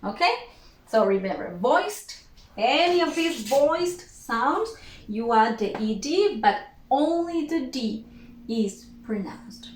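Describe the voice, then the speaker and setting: A woman English teacher explaining pronunciation, slowly repeating each word and checking in with "okay?". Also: high-pitched, animated, slight background noise. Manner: repeats words slowly for drilling, frequent "okay?". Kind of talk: slow explanatory lesson. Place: room with whiteboard. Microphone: camera at a distance. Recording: echoey room, far from the mic.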